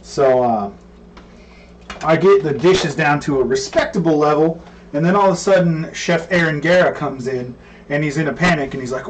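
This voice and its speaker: Relaxed man telling kitchen stories. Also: a little high, moderate pace, a little hiss or hum. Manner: relaxed, rambling, many fillers. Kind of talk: casual storytelling. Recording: distant mic with faint room ambience.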